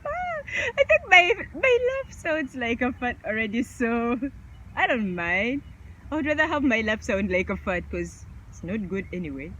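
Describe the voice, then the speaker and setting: A woman's voice: a little high, very animated, moderate pace, fairly bright tone. A woman vlogger chatting casually through a question game, laughing often.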